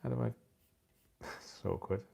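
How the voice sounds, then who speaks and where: Warm in tone and speaking at normal speed, a fortysomething man hosts a casual aquascaping livestream on his phone. Tired but jokey, he chats with viewers and laughs at his own jokes.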